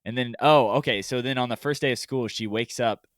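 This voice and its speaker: A man's voice: mid-range voice, fairly quick, dry recording, clean studio sound. A young man co-hosting a casual podcast, animatedly recapping a book's plot. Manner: animated, summarizing a book aloud. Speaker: podcast co-host. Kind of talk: casual chat.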